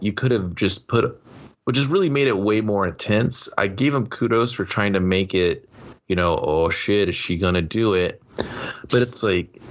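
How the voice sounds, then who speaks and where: A young man co-hosting a movie podcast, rambling and swearing as he acts out scenes in quick voices. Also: on the low side, fairly bright tone, slight background noise. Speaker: podcast co-host. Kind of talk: casual movie review chat.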